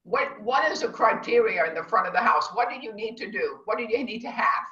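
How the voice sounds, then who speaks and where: A woman's voice: medium pitch, animated, a little fast, sharp tone. A woman teaching a culinary class over a video call, with a rambling, emphatic teacherly delivery. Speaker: culinary instructor. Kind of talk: online class lecture. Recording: echoey, dull lo-fi audio.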